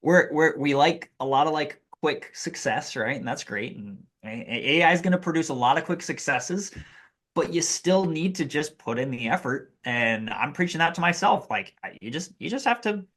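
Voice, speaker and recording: A man talking as a podcast guest, explaining business uses of AI in an energetic, casual way. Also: a little high, moderate pace. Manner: energetic, explanatory, lots of fillers. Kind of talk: casual interview chat.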